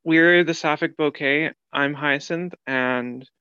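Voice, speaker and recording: A man's voice: a little high, takes it slowly, sharp tone, smooth, no echo. A man from Canada speaking as a panelist, anxious and hesitant, rambling a little as he talks. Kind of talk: panel discussion. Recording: dull lo-fi sound.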